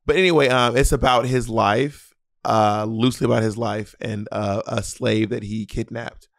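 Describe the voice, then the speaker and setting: A man's voice: lowish voice, steady tone, normal speed, no echo, studio quality. A man co-hosting a podcast, chatting casually and teasing the others. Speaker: podcast co-host. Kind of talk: casual chat.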